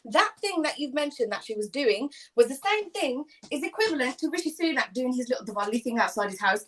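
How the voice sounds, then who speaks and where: Blunt, animated woman. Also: sits high, fairly quick, few pauses, low-quality recording. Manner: blunt, swears, mocks in put-on voices. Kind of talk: heated panel debate.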